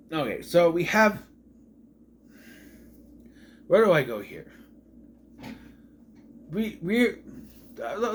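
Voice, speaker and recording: Animated, ranting man reviewing a movie. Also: on the high side, a little hiss or hum. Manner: ranting, sarcastic, exasperated asides. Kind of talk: casual opinionated movie review.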